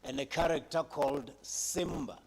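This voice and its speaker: At a heritage conference, a man delivers a public speech addressed to young people, retelling a story dramatically with emphatic pauses. His voice is a little high, with a creaky, breathy edge.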